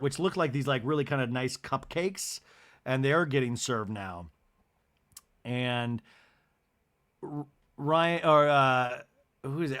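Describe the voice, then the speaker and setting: A man hosting a podcast, recapping a reality TV episode solo with an animated, storytelling delivery. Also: medium pitch. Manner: animated retelling, acting out cast members' lines in put-on voices. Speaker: podcast host.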